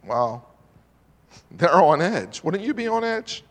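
Male pastor, earnest sermon delivery and scripture reading, slightly high voice, long room reverb. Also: big pitch swings, takes it slowly. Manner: earnest preaching, reads scripture in King James wording.

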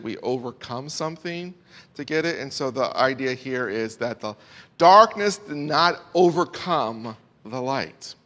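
A man preaching a sermon as pastor, emphatic, repeating key phrases and swinging between soft asides and loud declarations. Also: mid-range voice. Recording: long reverb of a large hall.

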